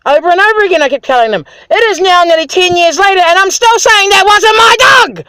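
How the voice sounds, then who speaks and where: Aggrieved woman vlogger, high voice, swears, dry close mic. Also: animated, a little fast, sharp tone, no room sound, poor audio. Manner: aggrieved, indignant, swears freely. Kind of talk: angry personal rant to camera.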